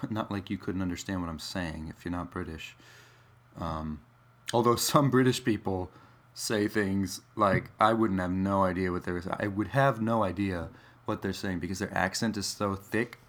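A man's voice: low-pitched, measured pace, fairly bright tone. A man musing in a casual, rambling monologue, wry and digressive, with many fillers.

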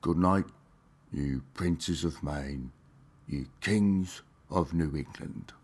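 A man's voice: extremely low pitch, takes it slowly, slightly rough, heavily acted. A man doing an impression of a famous older English actor, with a theatrical, mock-solemn delivery. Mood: grandiose.

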